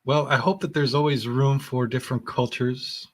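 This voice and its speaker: A man's voice: mid-range voice, steady tone, moderate pace. A man talking casually as a podcast guest, earnest and enthusiastic, rambling and searching for words with frequent restarts. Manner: earnest and enthusiastic, with loud bursts of laughter. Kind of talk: casual conversation.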